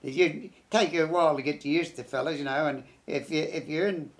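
An older man, a war veteran, reminiscing in an interview in a halting, rambling way, full of restarts and tag phrases. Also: a little high, steady tone. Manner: rambling, halting, many restarts and "you know".

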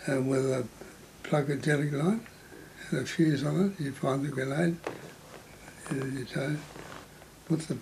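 A man's voice: mid-range voice, steady tone, measured pace, vocal fry, long pauses, a little mellow, a little hiss or hum, low-quality recording. An older man, recalling army service in a plain, matter-of-fact way. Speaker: veteran interviewee. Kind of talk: oral history storytelling.

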